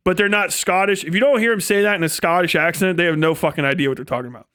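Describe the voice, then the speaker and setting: A man with a fairly high voice, hosting a live stream. He rants in a rambling, profane, mocking comedic style, and breaks into laughs now and then. The recording is dry and close, with no room echo. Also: fast talker, hardly any pauses, a bit bright. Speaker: livestream host.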